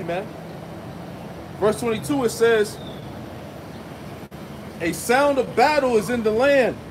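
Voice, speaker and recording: A man's voice: sits high, background noise. A man preaching a street sermon, reading scripture and adding emphatic asides with rhetorical "right?" and "man.".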